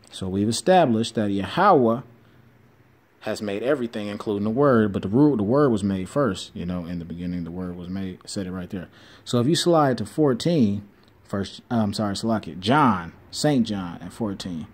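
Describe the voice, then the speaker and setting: A man giving an informal bible teaching, reading verses slowly and then explaining them with quick asides and self-corrections. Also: lowish voice, lively intonation, a little mellow. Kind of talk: informal scripture teaching video.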